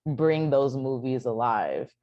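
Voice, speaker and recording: A woman with a notably low voice hosts a relaxed podcast conversation. She speaks at an unhurried pace, laughs often and throws in quick exclamations. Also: lo-fi sound. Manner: laughs easily, reacts with exclamations. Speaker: podcast host. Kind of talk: casual chat.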